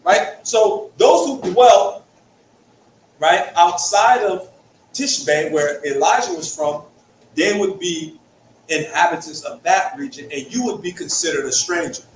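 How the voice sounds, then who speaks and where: A high-pitched young adult man speaks slowly with lively intonation, leading a conversational Bible study in his Hartford-flavored Connecticut accent and punctuating points with "right?". The mic is far away in an echoey room, picking up faint hiss.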